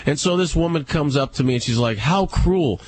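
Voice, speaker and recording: Man, radio co-host, casual storytelling, animated delivery, slightly high voice. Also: quick pace, low-quality recording. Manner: animated, acts out dialogue in higher voices.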